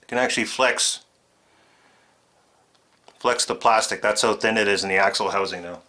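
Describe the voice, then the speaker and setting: A man's voice: lowish voice, moderate pace, sharp tone, roomy sound. A man hosting a casual hobby repair vlog, chatty and self-mocking, chuckling at his own mistakes while he works. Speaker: RC truck hobbyist channel host. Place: home shed workshop.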